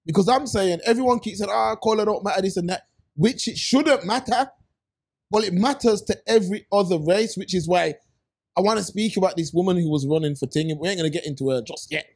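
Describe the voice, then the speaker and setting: A man with a notably high voice, talking in loose, emphatic podcast banter. He speaks with lots of street slang and sudden bursts of emphasis. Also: a little fast, a little mellow. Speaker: podcast co-host.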